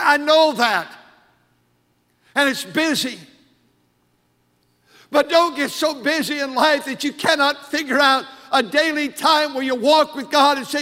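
An older man preaching a fervent sermon, his high, bright voice pressing hard on each point. The words hang in the long reverb of a big church sanctuary. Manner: fervent preaching, rising to shouted emphasis. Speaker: pastor.

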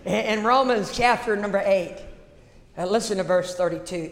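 A man, a pastor telling a folksy story in a sermon that builds to shouted passion. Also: high voice, normal speed. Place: church sanctuary. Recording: echoey church hall.

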